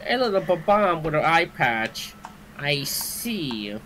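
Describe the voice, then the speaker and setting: A woman chats and jokes as she plays along, her pitch swinging widely from line to line. She teases her friend and giggles easily, over a steady hum of background noise. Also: slow. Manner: animated, teasing, giggly. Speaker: co-player on stream. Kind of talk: casual gameplay chat.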